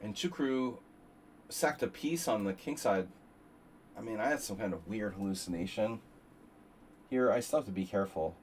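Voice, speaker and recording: A man's voice: lowish voice, lively intonation, normal speed, pauses often, a little hiss or hum, rough recording. Man muttering through chess lines. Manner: muttering through move calculations, wry asides. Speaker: chess streamer. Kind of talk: live chess commentary with chat.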